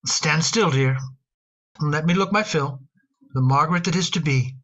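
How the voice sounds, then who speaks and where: A woman voicing a gentle, fond middle-aged father in a radio drama, hesitant and given to repeating words. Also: low-pitched, moderate pace, lo-fi sound. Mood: fond teasing.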